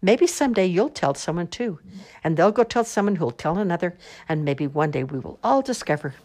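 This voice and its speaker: A woman reading children's picture books aloud in an expressive, sing-song storytelling manner. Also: fairly low pitch, a little fast, a little hiss or hum.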